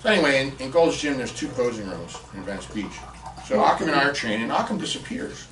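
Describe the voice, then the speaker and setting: A man tells a story on a podcast, animated and lively, throwing himself into the quotes he acts out. He sounds set back from the mic in a roomy space. A faint hiss sits behind him. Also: medium pitch, fast talker. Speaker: podcast guest. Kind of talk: storytelling in casual chat. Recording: roomy and distant with faint noise.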